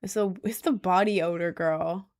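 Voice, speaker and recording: A woman's voice: lowish voice, fairly even intonation, normal speed, darkish tone. A young woman casually chatting on a livestream at home, answering chat in slangy, rambling talk. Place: indoors at home, seated in a chair.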